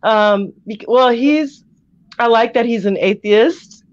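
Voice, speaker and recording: A woman co-hosting a casual chat, excitable and laughing often. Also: a little high, slow pace, dry recording, highs cut off. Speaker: podcast co-host.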